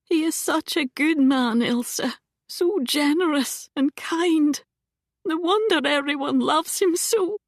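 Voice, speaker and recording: A woman's voice: a little high, animated, unhurried, few pauses, a little mellow, no echo, studio quality, voice pushed up. A woman reading an audiobook voices a distraught middle-aged aunt who talks in a trembling, pleading way. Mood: tearful.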